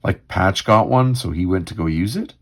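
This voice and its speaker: A man's voice: sits low, normal speed. A man hosting a comics read-through livestream, musing casually with many fillers.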